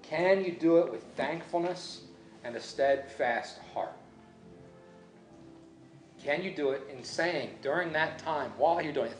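A man's voice: fairly high pitch, a little slow, pauses often, echoey room, soft background music. A man preaching a sermon as a pastor, in a conversational, musing way that often restarts and corrects itself.

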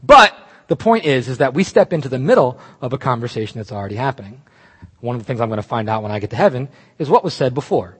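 A pastor delivers a sermon with lively, swinging pitch, leaping up for emphasis and then dropping low. His voice is slightly husky. The sound rings with a long reverb, as in a church hall. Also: quick pace. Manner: animated, emphatic, with restarts and asides.

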